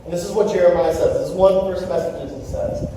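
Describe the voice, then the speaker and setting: High-voiced pastor in an echoey hall. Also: male voice, quick pace, distant mic, slight background noise. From Canada. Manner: storytelling, animated asides to the congregation. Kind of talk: sermon. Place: church sanctuary.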